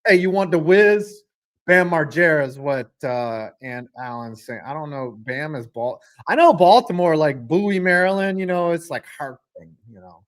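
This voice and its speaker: A man hosting a live stream, reacting to a football game, calling plays and reading viewer chat aloud in a joking, excitable way. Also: fairly high pitch, normal speed, hardly any pauses.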